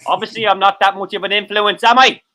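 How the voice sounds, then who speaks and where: A man's voice: high voice, level tone, quick pace, sharp tone, low-quality recording. A man co-hosting a livestream, rambling and joking, swearing freely and greeting viewers in the chat. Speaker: co-host of a livestream show. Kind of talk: casual chat.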